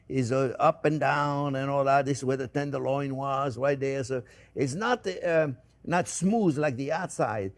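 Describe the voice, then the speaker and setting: With a fairly high but darkish voice, an older host with a French accent cooks up a recipe in the kitchen for a casual show. He talks a lot, goes back over the same points, and often calls his viewers friends.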